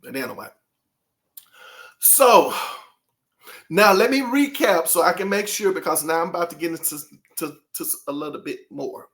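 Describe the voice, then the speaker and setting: A man's voice: fairly high pitch, expressive, moderate pace, pauses often, a bit bright. A man hosting his own channel, talking casually and rambling to his viewers, throwing out rhetorical questions. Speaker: channel host.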